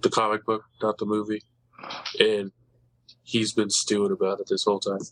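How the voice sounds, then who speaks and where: A man's voice: on the low side, monotone, normal speed, fairly bright tone, dry recording, low-quality recording. A man hosting a casual podcast chat, rambling eagerly about comic books. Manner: rambling, eager comic-book fan talk.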